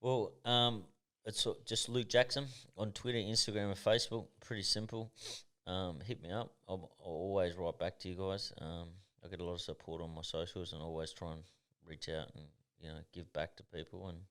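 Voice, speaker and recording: A man's voice: deep voice, a little fast, hardly any pauses, clear, resonant tone. An Australian man in his thirties, a boxer talking in a casual podcast interview, blunt and swearing freely. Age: 30s. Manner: blunt and swearing, animated storytelling. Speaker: professional boxer guest.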